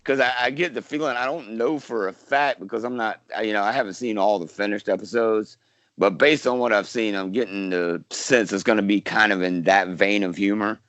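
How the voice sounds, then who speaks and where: A man talks through a casual interview in a lowish voice, wandering and restarting his sentences with plenty of fillers. The sound is dry and close, with no room around it. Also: fairly quick, a bit bright, dry recording. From South Carolina, US. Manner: rambling, many fillers and restarts. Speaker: actor, podcast guest.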